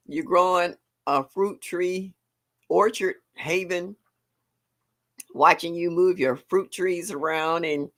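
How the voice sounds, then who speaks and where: An older woman hosting a casual live stream, chatty and emotional, greeting her viewers by name between sighs and laughs. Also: sits low. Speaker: livestream host.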